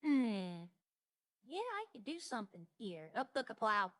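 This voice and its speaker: Higher-voiced woman musing aloud, dry sound. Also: very animated, unhurried, dry recording. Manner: muses aloud, listing items as she browses. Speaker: roleplay streamer. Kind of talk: casual in-game chat.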